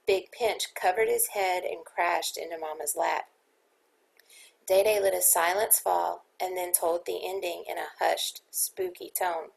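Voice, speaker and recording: Low, gravelly woman reading a story. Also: fairly even intonation, rough recording. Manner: measured, dramatic reading. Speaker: audiobook reader. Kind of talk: audiobook narration.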